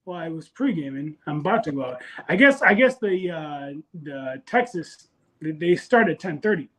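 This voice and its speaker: Male caller, high voice, easygoing video-call chat. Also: lively intonation, normal speed, fairly bright tone.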